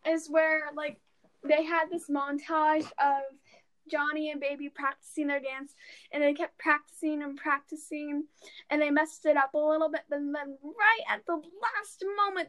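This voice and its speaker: Giggly high-voiced young woman podcaster. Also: a bit bright. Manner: giggly, acts out movie lines. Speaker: podcast co-host. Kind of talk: casual chat.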